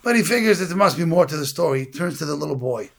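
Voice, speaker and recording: Man, sermon, storytelling, slightly high voice, gravelly, husky. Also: racing. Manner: animated storytelling, acts out the characters. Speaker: preacher.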